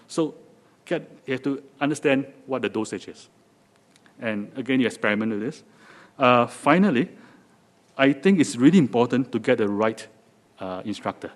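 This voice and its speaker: Chatty joking man with a Singaporean accent. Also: medium pitch. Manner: joking, chatty, with many restarts and audience asides. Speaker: guest speaker. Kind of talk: talk to a live audience. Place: lecture hall with audience.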